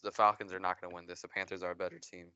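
A man who is a guest on a casual sports podcast, talking in a halting way and repeating his point. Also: low-pitched, level tone, bright, forceful tone, clean tone, no echo, highs cut off.

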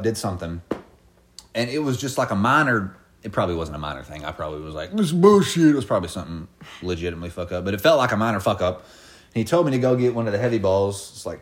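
A young man in his twenties spins stories in loose, casual chat, full of swearing and bursts of laughter. His voice sits at an ordinary middle pitch. He talks with easy, animated energy. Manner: profane, animated storytelling with laughs. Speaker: podcast co-host telling stories.

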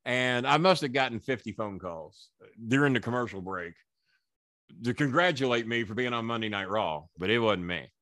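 A man's voice: medium pitch, moderate pace, dry recording, studio quality. A man, a former wrestling manager, telling stories as a podcast guest, cursing freely and acting out what other people said. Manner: profane, animated storyteller who acts out quoted people. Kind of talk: storytelling in a podcast interview.

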